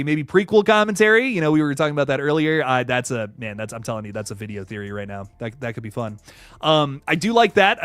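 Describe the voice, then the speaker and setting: Male streamer host, animated pitch, dry close mic, faint music bed, rambling and laughing. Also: no echo. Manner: rambling, laughs a lot, frequent restarts. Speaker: YouTube host reading live chat. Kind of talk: casual livestream chat.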